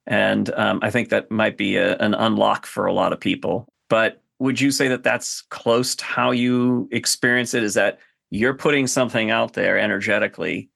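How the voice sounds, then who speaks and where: Gravelly low-voiced man hosting a panel. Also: fairly even intonation, normal speed, hardly any pauses, fairly bright tone, no room sound, clean studio sound. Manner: thoughtful, exploratory, restarts often. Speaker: host and coach. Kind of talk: podcast panel discussion.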